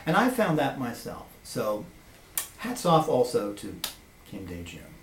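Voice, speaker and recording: A man telling a personal story in a lively, animated way, recorded from a distance in an echoey room. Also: mid-range voice, a little slow, slight background noise. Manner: animated, lively, acts out voices.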